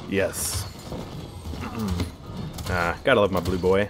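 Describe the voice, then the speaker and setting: A man's voice: low-pitched, fairly even intonation, slow pace, pauses often, faint music behind. A man casually commenting on his gameplay as a streamer, reacting to the match and reading chat aloud. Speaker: game streamer.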